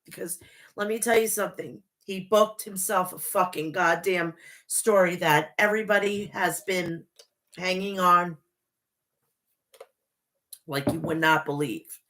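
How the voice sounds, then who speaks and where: A woman's voice: on the low side, a little slow, long pauses, fairly bright tone. A woman in her forties, from the New York area, gushing and swearing emotionally through tears as she reviews a wrestling show in a casual vlog. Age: 40s. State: tearful.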